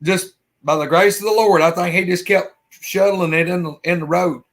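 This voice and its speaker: A man co-hosting a live stream, telling folksy stories in an animated way. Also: high-pitched, normal speed. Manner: animated yarn-spinner, folksy. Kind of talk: casual storytelling chat.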